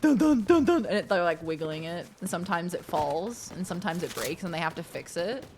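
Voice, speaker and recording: A woman streaming a video game, chatting casually and rambling with animated, excitable outbursts. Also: lowish voice, brisk, noisy background. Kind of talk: casual gaming stream chat.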